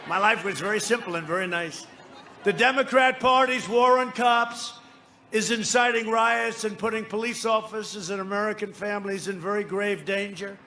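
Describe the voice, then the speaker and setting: A man's voice: high-pitched, steady tone, normal speed, bright, forceful tone, slight background noise. A man giving a campaign rally speech, boastful and rambling, bantering with the crowd from the stage. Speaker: political speaker at a rally. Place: outdoor rally before a large crowd.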